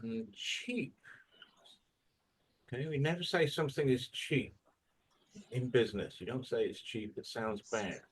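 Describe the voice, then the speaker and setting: A man's voice: medium pitch, measured pace, long pauses, breathy edge. A man teaching a classroom English lesson, quizzing students on formal words and modeling the stress of each word. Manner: questioning, drills pronunciation by modeling words.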